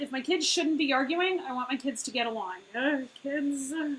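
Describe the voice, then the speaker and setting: High-voiced woman coaching, chatty and lively. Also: moderate pace, slight background noise, rough recording. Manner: conversational, filler-heavy, keeps asking "right?". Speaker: business owner and life coach. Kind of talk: casual coaching talk.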